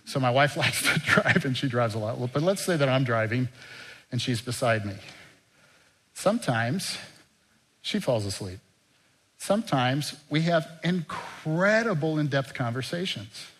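An older man preaching a sermon as pastor, in an earnest, conversational way that drops soft and quiet. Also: mid-range voice, expressive, unhurried.

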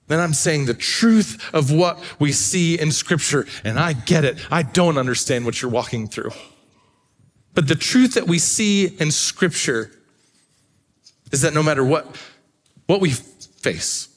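Middle-aged man, pastor, storytelling sermon, slightly high voice, in a church hall with long reverb. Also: unhurried. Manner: animated storytelling, swings from hushed to excited.

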